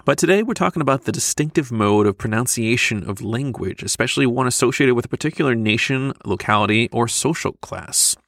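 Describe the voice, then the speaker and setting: A man's voice: mid-range voice, lively intonation, brisk, few pauses, a bit bright, no echo. Guy cohosting a chatty science podcast, playful, dry close studio sound. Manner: playful, explains with easy asides. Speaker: podcast co-host. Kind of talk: casual educational podcast chat. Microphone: studio microphone.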